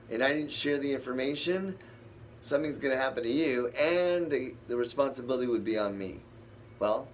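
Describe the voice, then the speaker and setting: A man with a mid-range voice leads a casual Bible study, rambling as he thinks aloud and talks back to the verses he reads. There's a little hiss or hum on the recording.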